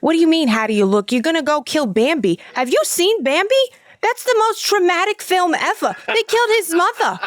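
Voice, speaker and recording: A woman's voice: animated, brisk, dry recording, studio quality. A woman imitating her mother, an exasperated, scolding middle-aged woman from Brooklyn with a nasal Brooklyn accent. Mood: melodramatic. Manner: shrill, scolding, melodramatic.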